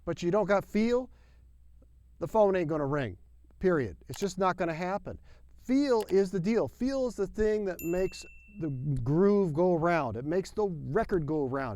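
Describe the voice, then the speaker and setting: A man with a fairly high voice leads a drum lesson in an upbeat, folksy manner. He leans hard on key phrases and sometimes sings out drum syllables. The sound is dry and close. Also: a little mellow, no echo. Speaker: drum teacher. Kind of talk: video lesson.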